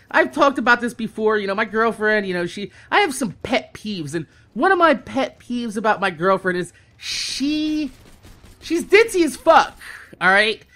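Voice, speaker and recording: A young man hosting a gaming channel, telling a storytime in a profane, animated, casual way. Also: very high-pitched.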